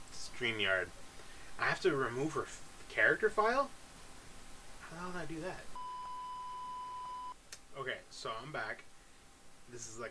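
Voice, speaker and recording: A man doing let's play commentary, with sudden loud exclamations and jumpy reactions. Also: medium pitch, a little hiss or hum, poor audio.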